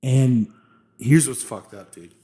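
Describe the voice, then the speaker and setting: A young man co-hosts a podcast, retelling history like a story told to a friend. His delivery is animated and loose, laced with swearing and constant "dude.". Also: mid-range voice, slow pace. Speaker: podcast co-host. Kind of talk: casual chat.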